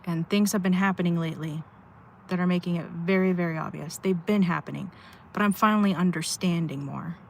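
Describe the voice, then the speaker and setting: A woman with a slightly low voice talks openly on a livestream from her parked car, rambling and sighing as she vents. A faint hiss sits under her voice. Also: fairly even intonation, fairly quick, creaky, darkish tone. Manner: rambling, sighing, heartfelt venting. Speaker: live streamer. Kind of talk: candid livestream chat. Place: inside her car at a rest stop.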